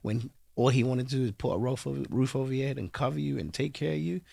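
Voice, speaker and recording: A man from London, England, appears as an interview guest telling a heartfelt story, breaking into animated bursts when stressing a point. His mid-range voice is gravelly and quick, captured in a dry, studio-quality recording.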